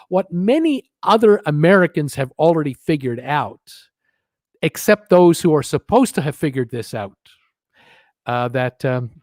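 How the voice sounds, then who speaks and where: A man's voice: mid-range voice, a little mellow, dry recording, clean studio sound. A man hosting a live cruise news show, rambling with many fillers and restarts and dropping sardonic asides. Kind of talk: live-stream news commentary.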